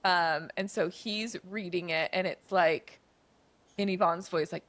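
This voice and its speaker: A woman's voice: fairly low pitch, steady tone, a little slow, a bit bright, dry recording. A woman co-hosting a podcast, casually retelling a movie's plot in a chatty way, with lots of "like" and "um" fillers. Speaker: podcast co-host.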